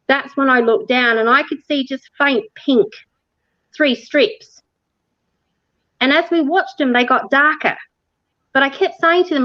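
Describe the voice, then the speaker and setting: High-voiced woman telling a story. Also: moderate pace, dry recording, dull audio. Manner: animated, laughs often, acts out quoted dialogue. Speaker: interview guest recounting a ghost tour. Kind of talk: casual storytelling.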